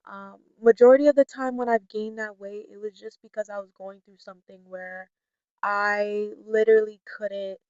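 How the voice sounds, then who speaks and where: A woman vlogger talking candidly to camera in a chatty way, full of "like" and "you know", who mimics her friends in a high playful voice. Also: steady tone, normal speed, darkish tone, clear, resonant tone, no echo, dull audio. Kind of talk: candid personal talk to camera.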